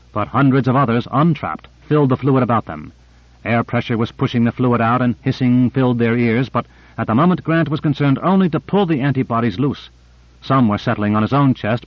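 A man narrates an audiobook from a script, his reading calm and measured. The medium-pitched voice comes through a dry, dull recording.

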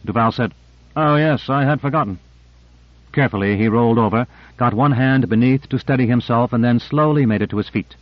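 A man narrating a novel in a measured, even reading voice. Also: medium pitch, no room sound, muffled recording. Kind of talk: audiobook narration.

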